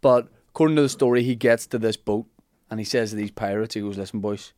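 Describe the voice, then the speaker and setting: A man's voice: steady tone, fast talker, a little mellow, no room sound, studio quality. A man, co-hosting a casual comedic history chat, bantering and acting out scenes. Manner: banter, acts out characters in a low mumble. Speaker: podcast co-host.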